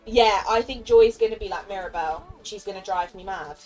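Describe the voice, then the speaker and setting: A young woman chats casually on a live stream, sharing her opinions at an easy pace. She laughs often and briefly slips into playful voices for characters. Soft music plays quietly behind her. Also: medium pitch, fairly quick, rough recording. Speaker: game streamer.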